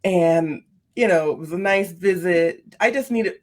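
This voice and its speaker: A woman on a podcast, earnestly telling a personal story, her voice leaping up in pitch when she gets animated. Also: a little slow. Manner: earnest, repeats phrases for emphasis. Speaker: podcast guest, speaker on seizing the day.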